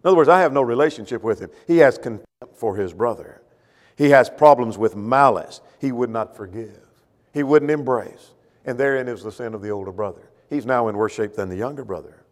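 A man preaching a sermon, with rhetorical questions and swings between loud emphasis and quiet, low asides. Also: animated, brisk, in a large hall.

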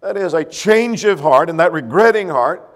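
A man's voice: fairly high pitch, animated, normal speed. A male preacher giving a sermon, explaining a passage step by step and asking rhetorical questions. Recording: long hall reverb.

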